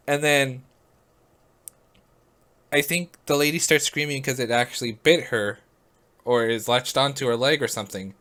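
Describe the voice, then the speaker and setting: A man's voice: mid-range voice, normal speed, pauses often, pushed and bright. A man vlogging casually, rambling through a story with lots of "like" and frequent laughs.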